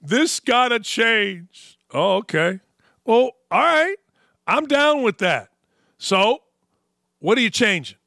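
High bright-voiced ranting sports host. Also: male voice, slow pace, gravelly, pauses often, no room sound, studio quality. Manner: animated, sarcastic, ranting. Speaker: sports talk show host. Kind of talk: opinionated sports talk.

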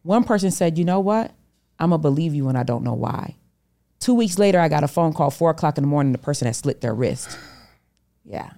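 A woman's voice: low-pitched, lively intonation, a little fast, mellow. A middle-aged woman, a podcast guest, telling a personal story animatedly and acting out the voices she quotes. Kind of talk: storytelling interview talk.

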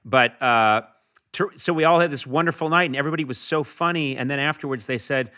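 Talk show host as guest, bright forward voice, relaxed anecdotes. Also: male voice, mid-range voice, fast talker. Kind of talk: casual anecdote telling.

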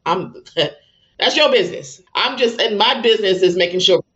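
A woman's voice: mid-range voice, moderate pace, a bit bright, lo-fi sound. A woman speaking as a guest and parenting coach, candid and emotional, who acts out her own exasperated outbursts. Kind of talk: candid conversational interview.

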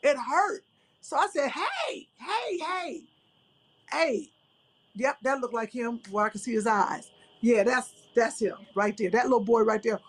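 A woman co-host telling a story as an animated rant in casual chat. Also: fairly high pitch, normal speed, rough recording.

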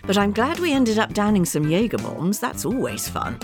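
A woman's voice: medium pitch, sing-song, moderate pace, music in the background. A woman narrating a comedy panel show, with wry, teasing comments between segments. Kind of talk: scripted narration.

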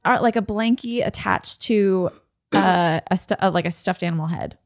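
A woman's voice: mid-range voice, moderate pace. A mother chatting casually, rambling through a story with many restarts. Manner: rambling, lots of fillers and restarts. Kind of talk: casual chat.

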